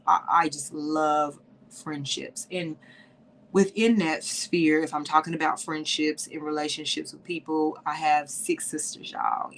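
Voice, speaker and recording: A woman's voice: low-pitched, a little hiss or hum. A woman hosting a podcast in a livestream, talking to women listeners with heartfelt emotion and tears, saying y'all often. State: teary, sniffling. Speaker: podcast host.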